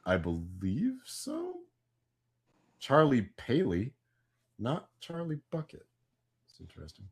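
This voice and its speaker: A man co-hosting a casual pop-culture podcast, chatty and prone to loud bursts of hype. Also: medium pitch, huge pitch swings, takes it slowly, husky. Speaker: podcast co-host.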